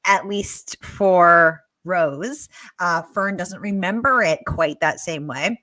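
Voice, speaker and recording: A woman's voice: lowish voice, takes it slowly, sharp tone, dry recording. A woman in her forties hosting a book interview over a video call, enthusiastic and full of fillers and restarts as she builds her questions. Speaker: host.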